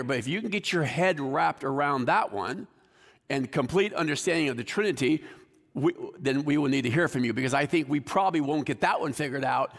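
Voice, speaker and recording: A man preaches a sermon from a church sanctuary, his voice sitting a little high for a man. He talks in a conversational way and asks the congregation questions. His words ring out with the long reverb of a large hall. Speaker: pastor.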